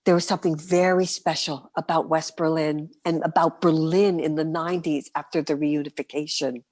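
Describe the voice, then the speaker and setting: Animated middle-aged New woman storyteller. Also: low voice, normal speed. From New York City. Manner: animated, vivid storyteller, breaks into soft whispers. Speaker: guest performer. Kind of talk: storytelling interview.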